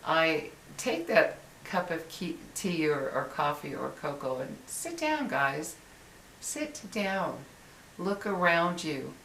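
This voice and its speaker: A woman's voice: sits low, big pitch swings, takes it slowly, gravelly, a bit bright. An older woman talking earnestly to camera from her living room, rambling with frequent restarts. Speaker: vlogger. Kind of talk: casual motivational talk to camera. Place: home living room, indoors. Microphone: built-in camera mic. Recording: roomy and distant with faint hiss.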